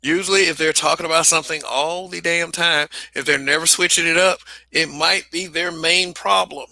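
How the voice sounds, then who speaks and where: A young man hosts his own livestream and talks straight to the camera in an unpolished, profane way, often doubling back on his words. His voice is strikingly bright and cutting, sitting a little high. The sound is dry and close, with no room echo. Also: steady tone, normal speed, gravelly. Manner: blunt and profane, with frequent restarts and repeated phrases. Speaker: livestream host. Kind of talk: casual livestream commentary.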